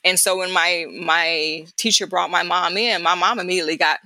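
A middle-aged woman recounting her childhood as an interview guest, in a bright, forceful voice. She tells it casually and chattily, talks straight to her hosts, and acts out the voices of people in her story. The sound is dry and close. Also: lowish voice, normal speed, hardly any pauses, no echo, poor audio. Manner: animated, laughing storyteller who acts out voices.

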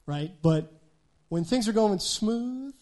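A man preaching a sermon in a conversational style, often checking in with "right?" and swinging between loud emphasis and quiet asides. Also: high-pitched, animated, takes it slowly. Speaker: pastor.

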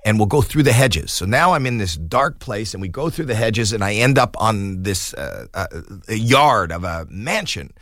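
A man's voice: on the low side, normal speed, few pauses, dry recording, clean studio sound. A middle-aged man, a comedian guest on a podcast, telling an anecdote with laughter and put-on voices for the people in it. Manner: animated, laughing, voices in quotes. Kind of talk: storytelling anecdote.

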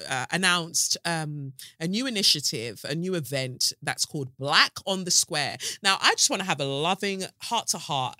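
A woman's voice: on the low side, pushed and bright, dry recording, clean studio sound. A woman hosting a solo podcast, irreverent and sarcastic, swearing freely in casual satirical chat.

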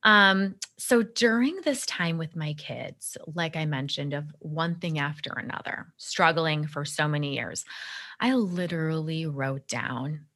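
A woman's voice: low voice, measured pace, pushed and bright. A middle-aged woman, a guest on a podcast, telling her story in an earnest, reflective way. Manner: earnest, reflective, acts out quoted dialogue. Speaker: podcast guest, empowerment coach. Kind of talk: conversational interview storytelling.

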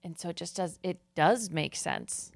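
A woman co-hosting a podcast, talking in a relaxed, rambling way with many fillers. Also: lowish voice, a little slow, creaky, no echo. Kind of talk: casual podcast chat.

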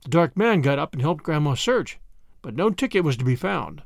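A man narrating a classic story with an expressive reading. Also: on the high side, normal speed, vocal fry, no echo, clean studio sound. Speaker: audiobook narrator.

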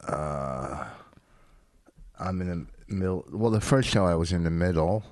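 A man, a stand-up comedian, chatting casually and profanely, rambling and often turning loud and indignant. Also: low-pitched, expressive, measured pace, no room sound, studio quality. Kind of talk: casual podcast banter.

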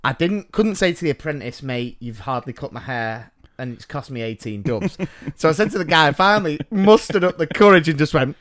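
A man spins a long comic anecdote on a podcast, his pitch rising and falling a lot as he acts out both sides. He is self-mocking and often laughs as he talks, with a voice pitched a little above most men's. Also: animated, a little fast, fairly bright tone. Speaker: podcast co-host. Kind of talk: casual storytelling chat.

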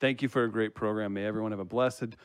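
A man's voice: lowish voice, fast, smooth, no echo. Laid-back man reading listener comments. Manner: laughs often while reading, relaxed joking. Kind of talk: casual podcast banter.

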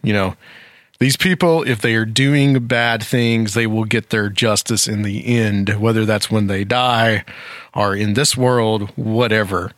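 A man's voice: on the low side, steady tone, a little slow, fairly bright tone, no room sound, studio quality. A man hosting a talk show, speaking casually and rambling with frequent fillers. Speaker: podcast host.

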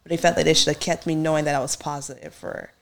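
A young woman speaks as a podcast guest, her voice sitting a bit low for a woman. She tells a long personal story in relaxed conversation and brings it to life by acting out what each person said. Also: fast talker, creaky. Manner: animated, acts out quoted dialogue. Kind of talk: casual storytelling chat.

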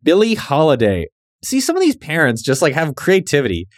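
Joking young man, lively voice. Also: a little high, no echo, clean studio sound. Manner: joking, riffing, quick asides. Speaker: podcast host. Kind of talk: reading listener shout-outs.

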